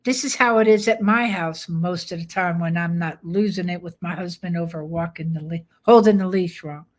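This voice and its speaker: An older woman dog trainer giving a live webinar pitch, firm, direct and plainspoken. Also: moderate pace.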